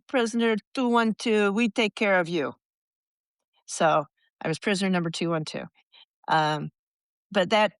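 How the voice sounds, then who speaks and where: An American woman in her sixties, a podcast guest telling rambling, animated stories and acting out the voices of people she quotes. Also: fairly low pitch, smooth, no room sound. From United States. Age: 60s. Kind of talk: casual storytelling.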